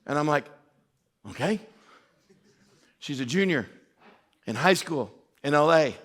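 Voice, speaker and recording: Animated, high-voiced pastor from West Texas. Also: male voice, normal speed. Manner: storytelling with self-mocking humor, often laughing. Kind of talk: interactive sermon to a young adult crowd. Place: church meeting hall.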